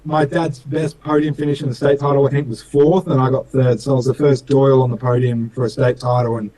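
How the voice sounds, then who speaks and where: A man's voice: mid-range voice, flat delivery, fast talker, mellow, low-quality recording. A young man with an Australian accent, telling racing stories in a casual interview in an earnest, rambling way, full of fillers. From Western Australia. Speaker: racing driver guest.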